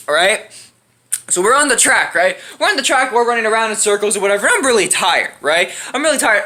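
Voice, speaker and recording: A woman's voice: a little high, pushed and bright. A young adult woman hosting a storytime channel, telling a story in a casual, profane way and laughing often.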